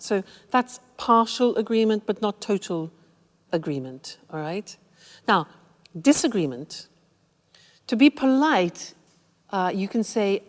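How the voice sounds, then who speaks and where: A woman teaching English phrases in a clear, measured, explanatory way. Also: mid-range voice, animated, big-room sound. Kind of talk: scripted language lesson.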